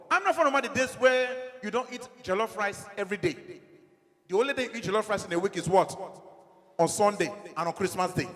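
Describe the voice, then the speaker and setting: A middle-aged man with a Nigerian accent doing a stand-up comedy set, animated, acting out dialogue in his stories. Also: sits high, in a large hall.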